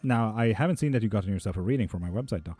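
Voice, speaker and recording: A man's voice: lowish voice, lively intonation, very fast, dark tone, breathy edge, soft background music. A young man hosting a casual live stream from home, reading chat aloud and bantering with loose, foul-mouthed humor. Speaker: streamer giving tarot readings.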